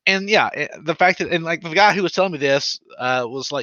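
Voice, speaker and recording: A man's voice: a little high, a little fast, fairly bright tone, no room sound, dull audio. A man in his thirties co-hosting a podcast, telling rambling, profane stories in casual chat. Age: 30s. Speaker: podcast co-host.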